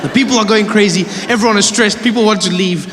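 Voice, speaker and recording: Male stand-up comic, high and animated, live in a big reverberant venue with noise. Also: fast. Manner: animated, acts out every character. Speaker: stand-up comedian. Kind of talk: stand-up storytelling. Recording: noisy live show with long reverb.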